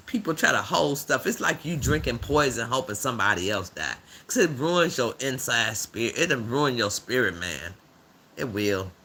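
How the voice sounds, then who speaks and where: A man voicing a blunt, rough-edged older woman who hosts a livestream and gives preachy commentary in a drawling, slang-filled way. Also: medium pitch, bright, forceful tone, a little hiss or hum. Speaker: livestream host.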